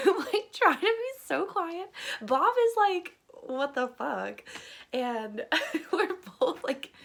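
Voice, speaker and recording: A young woman spins a storytime tale on her vlog, chatty and full of fillers, laughing as she goes. Her voice sits a little high and swings up and down expressively. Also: a bit bright. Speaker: vlogger.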